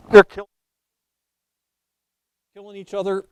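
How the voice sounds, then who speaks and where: A hoarse man preaching, his voice pitched a little high for a man. He tells history like a story and reads passages aloud. The sound is dry and close, with no room echo. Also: lively intonation, normal speed. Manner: storytelling lecture, reading quotes aloud. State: losing his voice, coughing. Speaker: pastor. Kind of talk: sermon.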